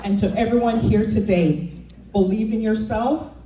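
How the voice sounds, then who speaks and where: A woman's voice: a little high, steady tone, normal speed, background noise. A woman giving a heartfelt, grateful acceptance speech at an awards event. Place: event hall. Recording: echoey hall, distant mic, faint ambience.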